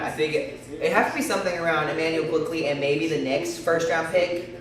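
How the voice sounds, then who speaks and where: A man's voice: fairly high pitch, recorded from a distance. A man does casual live commentary as host of a sports stream. He hesitates, fills gaps with ums and starts phrases over. His voice sits well back from the mic in a very echoey room. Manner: hesitant, many fillers and restarts.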